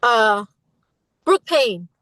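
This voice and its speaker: A woman's voice: on the high side, big pitch swings, extremely slow, a bit bright, no echo, low-quality recording. A middle-aged woman speaking as an interview guest, emphatic and impassioned, slipping into imitations when she retells what others said. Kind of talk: candid interview conversation.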